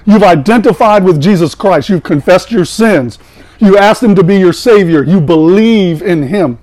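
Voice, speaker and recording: A man's voice: sits high, animated, moderate pace, a little mellow, poor audio. A man preaching a sermon as a Baptist pastor, conversational and emphatic, breaking into humorous asides.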